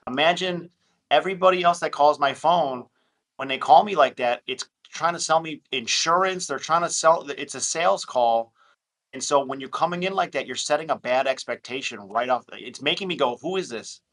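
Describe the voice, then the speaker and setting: A man talking casually on a group call, animated and quick to act out phone calls in other voices. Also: on the high side. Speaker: real estate investor.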